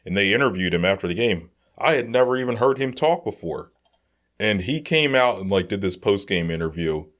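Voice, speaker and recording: A man co-hosting a casual sports podcast, telling animated stories full of "like" and "dude". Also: lowish voice, fairly quick. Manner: animated storyteller, lots of "like" and "dude". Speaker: podcast co-host.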